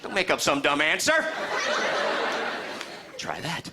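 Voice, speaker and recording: A man doing a stand-up comedy set in a club, animated and slipping into high character voices. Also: takes it slowly. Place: comedy club stage with a laughing audience. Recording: live club recording with crowd and noise.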